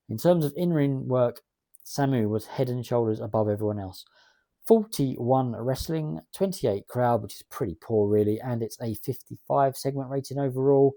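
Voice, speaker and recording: A man's voice: mid-range voice, dark tone, no room sound. A man hosting a let's-play video, chatting in a rambling way and reading out game text as he plays. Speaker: gaming video host.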